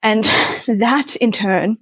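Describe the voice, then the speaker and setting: A woman's voice: on the high side, very slow, a bit bright, breathy edge, dry recording. A young adult woman telling a personal story in a chatty way, with plenty of casual fillers.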